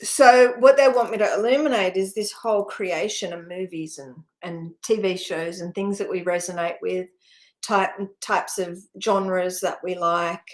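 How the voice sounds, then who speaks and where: A woman's voice: lowish voice, steady tone, measured pace, a little mellow. A middle-aged woman hosting a spiritual channel, talking casually and rambling, with many fillers and frequent laughs.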